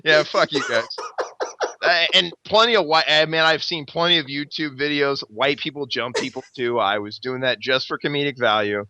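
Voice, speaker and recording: A man, a podcast host, telling a long story in casual chat, rambling and swearing constantly with lively energy. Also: a little high, moderate pace, slight background noise. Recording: dull lo-fi recording.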